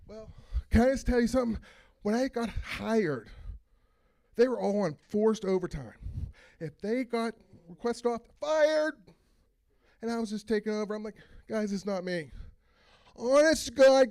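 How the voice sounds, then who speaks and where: Man, stand-up comic, high voice, gravelly, rambling, exasperated outbursts. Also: a little mellow. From Philadelphia. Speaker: stand-up comedian. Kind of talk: open mic stand-up set. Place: small open mic venue.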